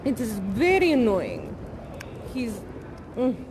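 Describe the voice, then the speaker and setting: A quirky acting teacher. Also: female voice, fairly high pitch, slow, slight background noise, exaggerated voice. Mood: annoyed, gossipy. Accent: non-American. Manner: chatty, rambling, animated. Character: eccentric woman acting teacher, earnest and whimsical. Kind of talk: improvised live theatre performance.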